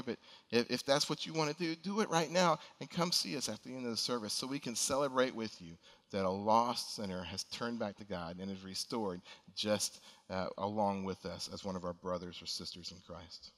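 With a fairly low, bright and forceful voice, a pastor moves fairly quickly through a sermon, pleading earnestly and building toward emphatic appeals. The church sanctuary gives every line a long, large-hall reverb.

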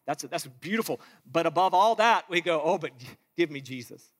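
A man's voice: fairly high pitch, brisk. A man preaching a sermon with passion, reading scripture aloud and acting out the voices he quotes. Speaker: pastor. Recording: long reverb of a large hall.

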